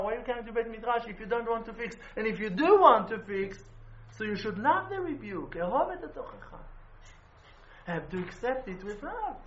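Impassioned high-voiced man preaching in a roomy hall. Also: a little hiss or hum. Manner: impassioned storytelling, swinging between hushed and loud; non-native phrasing, rhetorical questions. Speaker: rabbi teaching a Torah class. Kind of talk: sermon. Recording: roomy, dull-sounding room recording.

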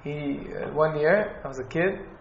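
A man teaching an informal class on Jewish law, halting and restarting as he explains. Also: a little high, slight background noise. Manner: halting, restarts, Hebrew and Yiddish terms. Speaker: Torah teacher. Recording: echoey, dull room recording.

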